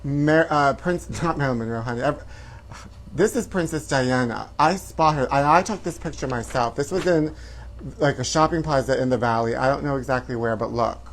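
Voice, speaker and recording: A man's voice: mid-range voice, normal speed. Campy male host, flamboyant gossip delivery, says honey a lot. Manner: flamboyant, calls viewers honey. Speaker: comedy show host.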